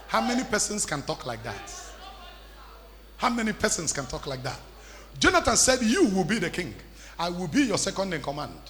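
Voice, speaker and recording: A man preaching a sermon, emphatic, repeating lines and building to shouts, in an echoey church hall with faint music. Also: fairly high pitch. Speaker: pastor.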